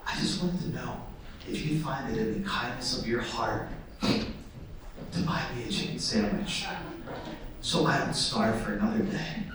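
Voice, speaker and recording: Man doing a low, hushed homeless actor, pleading, theatrical, distant echoey hall. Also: unhurried, pauses often, noisy background, close to an everyday voice. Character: soft-spoken homeless man, a hopeful actor.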